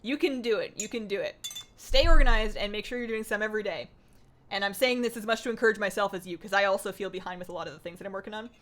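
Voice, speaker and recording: A woman's voice: medium pitch, fast, fairly bright tone. Bubbly, chatty woman streamer. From Greek heritage. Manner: bubbly, rambling, chatty with frequent fillers. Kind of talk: casual livestream chat, reading chat aloud.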